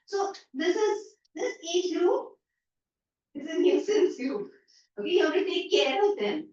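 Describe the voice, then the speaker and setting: Very animated and a little slow, a woman teacher with an Indian English accent uses a very high voice with a darkish tone to explain a story online. She paraphrases lines and acts out everyday remarks, heard through echoey, distant, dull video-call audio.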